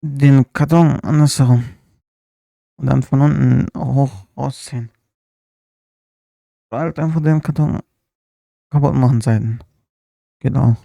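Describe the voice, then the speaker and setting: A man's voice: medium pitch, steady tone, unhurried, creaky, pauses often, dark tone, no room sound, studio quality. A man streaming a live reaction, chatting casually with asides while he watches a video.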